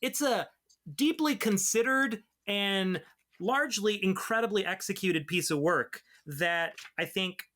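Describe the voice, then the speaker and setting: A man's voice: high voice, unhurried, sharp tone. A man co-hosting a podcast, breaking down a comic's story in articulate casual chat, swearing freely. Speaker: podcast co-host.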